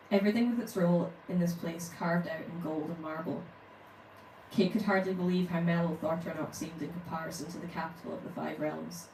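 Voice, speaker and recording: A woman's voice: on the low side, darkish tone, a little hiss or hum. Author lady reading her book at a bookshop event, roomy echo, kinda distant. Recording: roomy room, distant mic.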